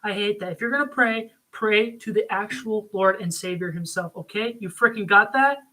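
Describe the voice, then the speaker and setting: A man's voice: sits high, normal speed, bright, forceful tone, rough recording. A man giving a casual spoken review, rambling with frequent ums and likes. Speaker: video reviewer.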